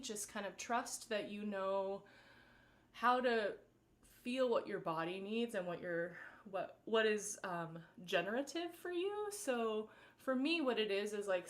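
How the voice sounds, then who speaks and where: Gentle woman leading a vocal warm-up. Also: mid-range voice. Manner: gentle, encouraging instructions with many fillers. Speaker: vocal coach. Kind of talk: live-streamed vocal warm-up.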